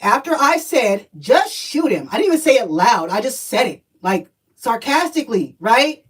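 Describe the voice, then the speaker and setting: A woman telling a personal story on a livestream, animated and profane, talking straight to her viewers. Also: on the high side, moderate pace, husky, distant mic, rough recording.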